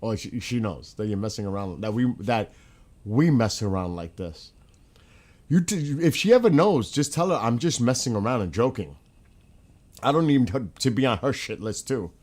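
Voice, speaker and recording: A man in casual live-stream chat, blunt and excitable, swearing freely as he talks to the host and viewers. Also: medium pitch, normal speed, poor audio.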